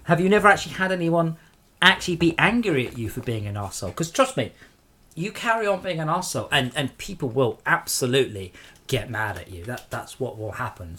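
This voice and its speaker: A man's voice: mid-range voice, a bit bright, breathy edge. A man streaming a game live and sarcastically scolding trolls in his chat.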